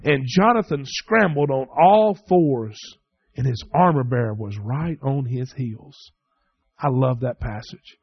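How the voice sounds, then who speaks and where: A middle-aged man preaching a sermon, telling stories and acting out the dialogue with lively emphasis. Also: mid-range voice, measured pace, breathy edge, no room sound, muffled recording. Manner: storytelling, animated, acts out dialogue. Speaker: pastor.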